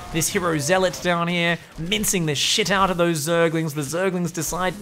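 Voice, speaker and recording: A man's voice: fairly high pitch, fairly even intonation, moderate pace, few pauses, bright, forceful tone, a little hiss or hum. A man giving comedic game commentary, profane, joking and sarcastic.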